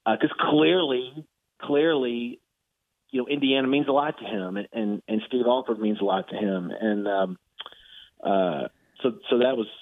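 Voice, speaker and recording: A sportswriter tells a story in a lively, chatty way, often stumbling and restarting. His voice comes over a tinny, phone-like line that strips out the lows and highs. The sound is dry, with no room echo. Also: normal speed. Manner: animated, acts out quotes, frequent restarts and laughs. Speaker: sportswriter guest. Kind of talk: casual anecdote storytelling.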